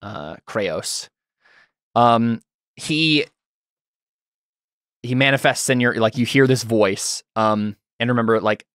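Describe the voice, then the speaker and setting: A man's voice: mid-range voice, slow pace, long pauses, a bit bright, clear, resonant tone, no room sound. A man running a tabletop game, his voice dry and close to the microphone with no room sound. He walks a player through the rules patiently, full of ums and restarts. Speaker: game master.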